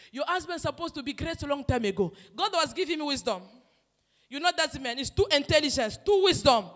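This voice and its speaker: A woman, a prophetess delivering personal prophecy in an impassioned, emphatic way that swings between loud declarations and soft asides. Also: on the high side. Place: church hall. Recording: long reverb in a hall.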